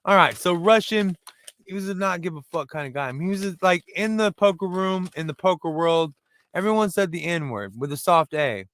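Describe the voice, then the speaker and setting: A man's voice: high voice, lively intonation, normal speed, fairly bright tone. A middle-aged man doing a rambling, self-deprecating stand-up monologue as host, with many restarts. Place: room in front of a brick wall.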